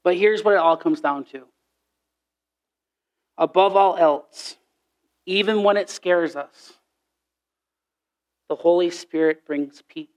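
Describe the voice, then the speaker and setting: A man preaching a sermon, telling Bible stories in an animated way and acting out the voices in the quotes. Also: a little high, measured pace, long pauses.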